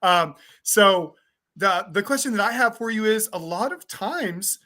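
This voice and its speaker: A man's voice: sits high, animated, unhurried, sharp tone. A man from Southern Illinois hosting an interview over a video call, asking long, rambling questions. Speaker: host.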